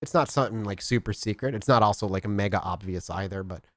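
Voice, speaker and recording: A man's voice: lowish voice, fast talker, no room sound. A man narrating as storyteller of a tabletop role-playing game, descriptive and conversational. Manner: lively, descriptive narration with fillers.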